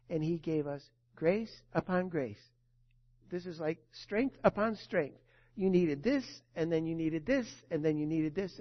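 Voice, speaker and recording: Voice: medium pitch, lo-fi sound. A preacher giving a sermon, telling a story with emphasis and asking the listeners rhetorical questions.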